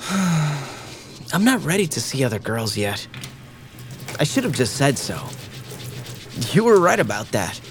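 A man's voice: fairly high pitch, sing-song, slow, long pauses, heavily acted. A man playing an earnest, people-pleasing teenage boy in an audio drama. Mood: sheepish. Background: music.

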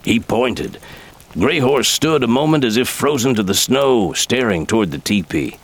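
A man reading a story aloud in measured, expressive audiobook narration. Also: mid-range voice, husky. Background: soft background music.

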